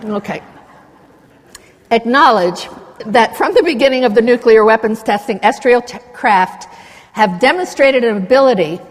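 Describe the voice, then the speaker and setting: Impassioned older woman lecturing in a hall. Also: fairly high pitch. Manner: passionate, digressive, indignant asides. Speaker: conference speaker. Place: lecture hall with long reverb. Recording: reverberant hall recording.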